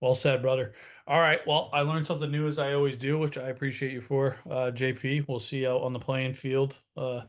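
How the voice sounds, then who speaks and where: A man's voice: mid-range voice, level tone, fairly quick. A man in his thirties, co-hosting a webinar, talking in a casual, salesy way with frequent restarts. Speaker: co-host. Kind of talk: webinar talk.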